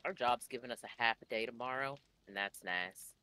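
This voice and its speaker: A man's voice: mid-range voice, a little fast, bright, forceful tone, smooth, dry recording. A laid-back man chatting and swearing casually while playing a co-op game with a friend. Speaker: gamer. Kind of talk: casual co-op gaming chat.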